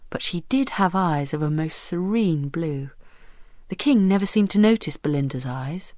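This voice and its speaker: A woman reading a children's fairy tale aloud with expressive, animated storytelling. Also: lowish voice, normal speed, no room sound, studio quality.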